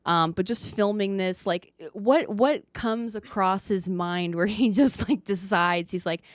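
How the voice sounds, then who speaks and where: A woman's voice: mid-range voice, unhurried, few pauses, no room sound, studio quality. A woman podcast host rambling through a sarcastic comedic monologue and swearing freely.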